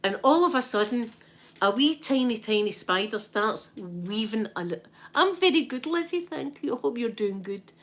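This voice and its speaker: A Scottish woman who streams ASMR chats with her viewers in a somewhat high voice at a normal speed. She tells them a story casually and with animation, acting out others' lines and frequently adding "right?"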